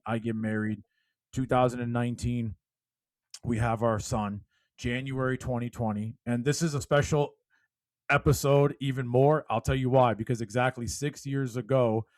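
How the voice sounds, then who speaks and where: Emphatic middle-aged man, motivational guest, dry close podcast mic, mid-pitch voice. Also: no echo, poor audio. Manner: emphatic, preachy, rising to loud exhortation. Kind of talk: impassioned storytelling.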